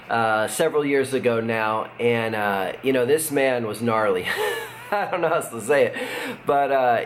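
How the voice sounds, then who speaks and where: A middle-aged man, a pastor, giving a casual devotional talk in a relaxed, conversational way, with fillers and chuckles. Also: mid-range voice. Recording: faint background noise.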